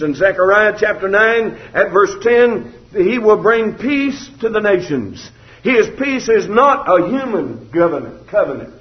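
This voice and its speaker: A man delivers a sermon in a high-pitched voice, his formal cadence leaning on emphatic phrases and scripture. The sound carries the echo of a large room. The recording is a little dull. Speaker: preacher. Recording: roomy, slightly dull recording.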